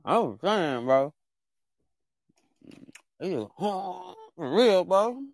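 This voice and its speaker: A man hosting a casual podcast, joking around in animated, slangy banter and repeating himself often. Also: sits high, extremely slow, gravelly, dry recording, clean studio sound. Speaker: podcast host.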